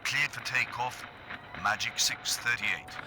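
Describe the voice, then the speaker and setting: A man's voice: medium pitch, slow, sharp tone, slight background noise. A man voicing an airline pilot in a flight simulator game, reading back instructions in clipped radio phrases. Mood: matter-of-fact.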